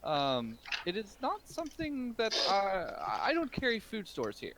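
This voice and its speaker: A man's voice: sits high, huge pitch swings, unhurried, background noise, pitched above the performer's own voice, full character voice. A man voicing a fussy older male shopkeeper dressed in silks, speaking politely in a raised voice.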